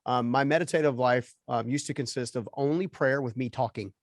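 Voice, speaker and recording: Guy hosting a podcast chat, mid-pitch voice, dry close mic, kinda rambly. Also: a little fast, no room sound. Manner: searching, repeats words and restarts, ends points with "right?". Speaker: podcast host. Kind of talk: casual interview chat.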